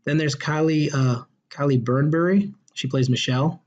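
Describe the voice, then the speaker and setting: A man's voice: a little high, moderate pace, darkish tone. A man hosting a casual podcast chat reviewing a movie, enthusiastic and rambling, with many fillers and restarts. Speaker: podcast host. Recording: dull lo-fi sound.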